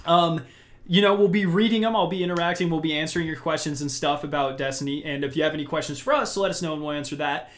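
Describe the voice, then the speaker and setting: A young man hosts a casual gaming podcast live from home. His voice sits a bit high, and he rambles upbeat with frequent restarts. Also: quick pace, fairly bright tone. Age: young adult. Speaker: podcast host.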